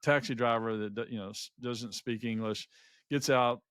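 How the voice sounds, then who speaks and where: A middle-aged man recounting a travel mishap on a podcast, stumbling over his words and restarting as he goes. His voice sits at an ordinary middle pitch. The sound is close and dry, with no room echo. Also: normal speed, clear, resonant tone. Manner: rambling anecdotes with frequent restarts and lively quoted voices. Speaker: podcast co-host. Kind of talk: casual storytelling chat.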